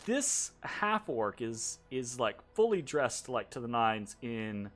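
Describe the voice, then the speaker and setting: Male game master, slow and animated, chatty with laughs, faint music underneath. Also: medium pitch. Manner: chatty, laughing, lots of fillers and restarts. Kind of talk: narrating a tabletop game.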